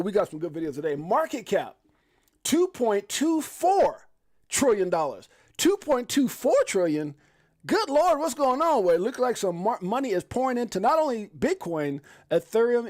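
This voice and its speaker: High-pitched guy hosting a live stream, hyped and jokey, talks like he's chatting with friends. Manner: excitable and joking, often laughing and exclaiming. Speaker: crypto live stream host. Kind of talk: casual live-stream chat and price rundown.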